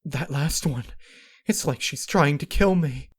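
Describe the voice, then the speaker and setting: A man's voice: fairly high pitch, a little slow, husky, pitched above the performer's own voice. A man putting on a panicked pony princess. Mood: frightened. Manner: pleading, panicked. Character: desperate frightened female pony princess.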